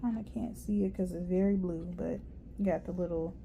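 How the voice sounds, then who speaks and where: A woman giving a casual, rambling tarot reading, chatty and quick to laugh. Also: on the low side, steady tone, creaky, noisy background. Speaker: tarot reader.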